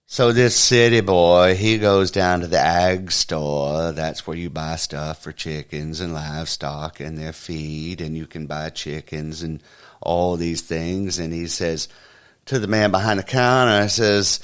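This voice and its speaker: A man hosting a comedy show, telling a long joke in a slow, rambling, folksy way. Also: deep voice, fairly even intonation, clean tone. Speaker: comedy podcast host. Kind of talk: joke storytelling.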